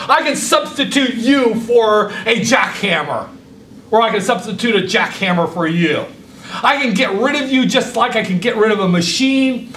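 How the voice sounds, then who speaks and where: Man, economics lecturer with a high voice and a fiery rhetorical delivery, recorded from across an echoing classroom. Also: a bit bright, slight background noise. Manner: impassioned, rhetorical, addressing students directly. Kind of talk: university lecture. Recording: echoey classroom from a distance.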